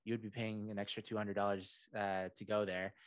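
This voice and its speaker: A man's voice: on the low side, little pitch movement, a little fast, clear, resonant tone, no echo. A man hosting a podcast, talking casually and rambling with lots of fillers. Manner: rambling, many fillers and restarts. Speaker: podcast host.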